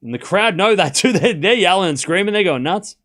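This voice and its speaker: A man hosting a live tennis watchalong stream, chatting loosely to his viewers and then calling rallies shot by shot, rising in excitement on big points. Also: high-pitched. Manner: rambling chat to viewers, then rapid shot-by-shot calls that rise when points get tense. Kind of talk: live play-by-play watchalong commentary.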